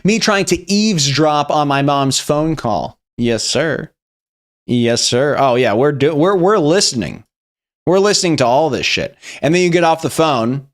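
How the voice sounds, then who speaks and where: A man's voice: fairly high pitch, very animated, moderate pace. A young man hosting a meme review, talking in a casual, rambling, profane way. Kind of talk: casual commentary.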